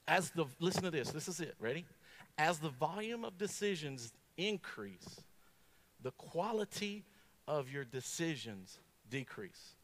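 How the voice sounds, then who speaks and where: A man preaching a sermon in a folksy, humorous, animated storytelling way. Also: a little high.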